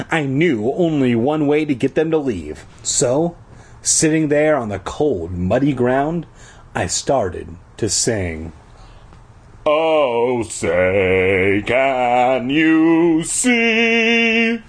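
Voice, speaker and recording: Man, slow husky storyteller, sarcastic and profane asides. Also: medium pitch, expressive, a little mellow. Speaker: reader. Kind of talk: comedic book reading with crude asides.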